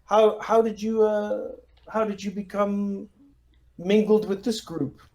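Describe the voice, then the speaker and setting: A man voicing a polite, smiling Russian fixer with a rough accent and broken English. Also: high voice, level tone, takes it slowly, a little mellow, lo-fi sound, voice pushed up. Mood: courteous.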